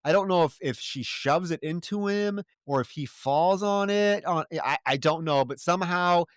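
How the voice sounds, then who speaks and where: Male podcast co-host, smooth voice, dry close mic, profane and exasperated recapping. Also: sits high, moderate pace, dry recording. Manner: profane, exasperated, mocks characters' lines. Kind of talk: casual film review chat.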